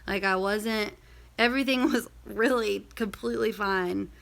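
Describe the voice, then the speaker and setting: Chatty woman with a gravelly edge. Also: medium pitch, a little slow, a bit bright. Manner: chatty, rambling, many fillers and asides. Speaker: vlogger. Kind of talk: casual storytelling vlog.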